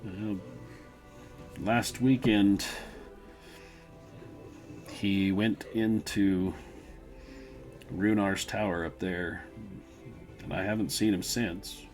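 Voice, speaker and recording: A man's voice: on the low side, steady tone, extremely slow, pauses often, a little mellow, faint music behind. A man voicing a drunk, nervous young villager who slurs and mumbles fearfully.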